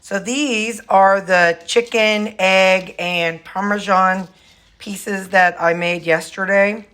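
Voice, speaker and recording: A woman's voice: mid-range voice, fairly even intonation, slow, a bit bright. A woman vlogging casually at home, rambling through her chores and morning routine while talking to her dogs. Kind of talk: casual home vlog chat. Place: at home, kitchen and storage room.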